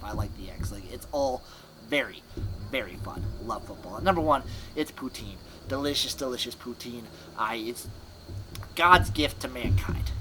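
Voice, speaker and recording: A man of ordinary pitch hosts a sports podcast in broken, fragmentary bursts. He mocks himself as he rambles along. A clear steady noise runs under his voice. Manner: scattered, fragmented, self-mocking. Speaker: podcast host.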